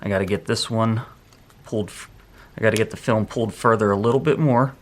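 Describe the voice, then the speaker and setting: A man with a low voice talks through a hands-on tutorial while he works. His delivery is relaxed and rambling, with restarts as he thinks aloud. Faint background noise and small handling clicks sit under his voice. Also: a little fast. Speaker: photography instructor.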